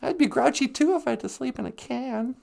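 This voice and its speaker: A man's voice: extremely high pitch, brisk, creaky, darkish tone, heavily acted. A man playing a rambling woman livestreamer who giggles and makes crude jokes in a comedy sketch. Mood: mocking.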